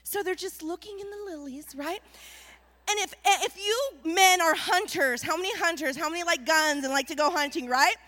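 A woman pastor preaching a lively sermon with call-and-response to the congregation. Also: very high voice, moderate pace, long reverb tail.

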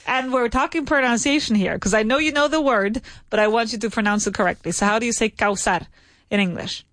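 A woman's voice: a little high, brisk, a bit bright, no room sound. A woman teaching a private English lesson, patiently repeating answers and praising her students. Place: Madrid.

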